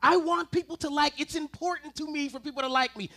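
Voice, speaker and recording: A man preaching to a congregation in a high, bright voice. He spins humorous family stories and turns often to his listeners with playful asides. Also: quick pace. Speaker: ministerial intern preaching. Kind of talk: sermon with personal storytelling. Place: church service before a congregation.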